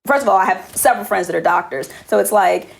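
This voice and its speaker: Young mom on a podcast telling her story, acts out everyone's lines, super animated. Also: quick pace, vocal fry, husky. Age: young adult. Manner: animated, acts out other people's quotes with jumps in pitch. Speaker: podcast guest, author and new mother. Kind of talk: casual storytelling in a podcast interview.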